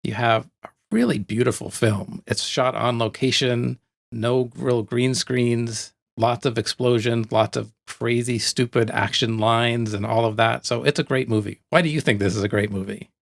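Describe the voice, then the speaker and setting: A man co-hosting a movie podcast, talking in a relaxed, easygoing way. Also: mid-range voice, normal speed, creaky. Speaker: podcast co-host. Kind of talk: casual movie chat.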